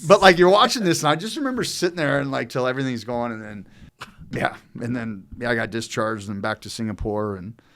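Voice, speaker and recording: A man in middle age chats on a podcast, spinning a long, rambling tale. His talk is loose and profane, and his voice sits at an ordinary middle pitch. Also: a little fast, fairly bright tone. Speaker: podcast co-host telling a story. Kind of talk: casual storytelling chat.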